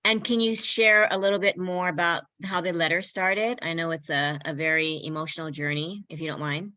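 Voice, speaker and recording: Gentle female interview host, low-pitched, bright edge. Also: fairly even intonation, moderate pace. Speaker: podcast host. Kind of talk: interview questions.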